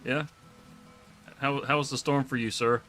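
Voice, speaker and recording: A man's voice: mid-range voice, steady tone, normal speed, fairly bright tone, soft background music. A man giving live gameplay commentary, joking, laughing often and talking to the game animals. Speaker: streamer.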